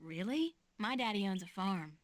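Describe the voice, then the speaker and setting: A woman's voice: mid-range voice, sing-song, normal speed, a little hiss or hum, lightly acted. A woman voicing a wry young heroine. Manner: dry, wry remarks. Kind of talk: video game voice acting.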